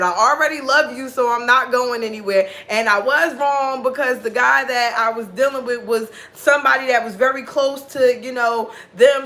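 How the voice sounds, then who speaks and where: A woman with a sharp, somewhat high voice tells a personal story as a casual monologue. Her delivery is blunt and loaded with swearing, and she performs the lines people said.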